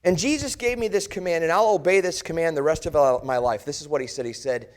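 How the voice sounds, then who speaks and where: Pastor as the disciple Thomas, impassioned. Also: male voice, on the high side, brisk, lightly acted. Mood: awed. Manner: impassioned, searching, speaks straight to listeners. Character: the disciple Thomas, an earnest grieving adult man. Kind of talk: first-person dramatic sermon monologue.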